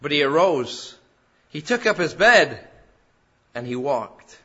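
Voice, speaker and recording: A man's voice: on the high side, sing-song, slow pace, a bit bright, slightly rough. A man preaching a sermon in an earnest way that rises to emphatic peaks. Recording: dull lo-fi sound.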